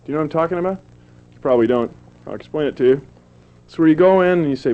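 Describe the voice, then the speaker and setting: A man's voice: fairly high pitch, racing, long pauses. A man performing a silly, self-mocking stand-up comedy set on a television show. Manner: goofy, self-mocking, jumps into silly put-on voices. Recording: dull lo-fi old TV recording.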